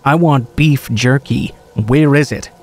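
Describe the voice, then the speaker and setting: A man's voice: mid-range voice, slow pace, a little mellow. Creepy erratic stranger guy around forty, polite then nasty, man reading it out. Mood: aggressive. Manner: flips from polite to aggressive. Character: unsettling middle-aged male stranger, erratic.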